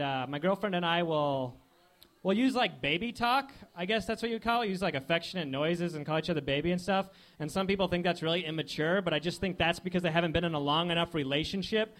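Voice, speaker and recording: A young man doing a stand-up set of deadpan one-liners, full of filler words, on a comedy club stage with a handheld mic. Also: high-pitched, fairly quick.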